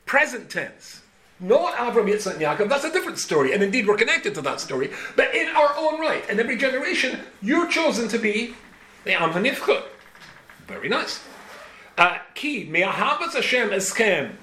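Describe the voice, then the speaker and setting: A man's voice: high-pitched, very animated, moderate pace, sharp tone, a little hiss or hum. A man in his seventies giving a Torah lecture, full of rhetorical questions and dry humor. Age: 70s. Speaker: rabbi teaching a Torah class. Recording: echoey room, faint ambience.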